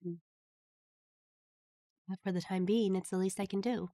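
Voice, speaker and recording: A woman's voice: mid-range voice, steady tone, normal speed, long pauses, dark tone. A woman streamer chatting casually with her viewers while playing a game and reading its text aloud. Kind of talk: casual live-stream chat while gaming.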